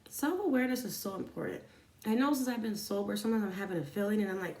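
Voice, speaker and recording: A woman's voice: mid-range voice, fast, vocal fry, a little mellow, far from the mic. A woman talking candidly to her viewers about staying sober, in an earnest, confessional way. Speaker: sobriety vlogger. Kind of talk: candid personal talk to camera. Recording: echoey room, voice a bit off-mic.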